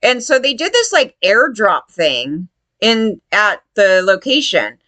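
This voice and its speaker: Angry woman ranting and cussing about getting no help after a fire, bright sharp voice, dry close sound. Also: medium pitch, big pitch swings, takes it slowly, no room sound. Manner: profane, heated, acts out others' lines. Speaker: fire survivor telling her story. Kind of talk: angry personal rant.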